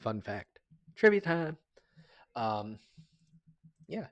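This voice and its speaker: A man's voice: medium pitch, very animated, extremely slow, no room sound, highs cut off. Rambling, sentimental male streamer, dry sound. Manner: rambling, chatty, stumbles and restarts often; sentimental, jokey, thanks viewers often. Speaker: livestreamer. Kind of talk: casual live-stream chat with viewers.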